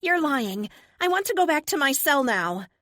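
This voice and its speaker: A woman voicing a young female prisoner with a high voice, bitter and distrustful, in an audiobook. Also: big pitch swings, moderate pace, fairly bright tone, no echo, studio quality. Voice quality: high-pitched. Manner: bitter, disbelieving. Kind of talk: audiobook character voice.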